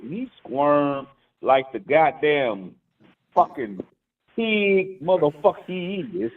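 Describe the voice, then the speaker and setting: Man, fairly high voice, lively pitch, profane, tinny phone line. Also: slow pace, far from the mic. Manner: animated, profane.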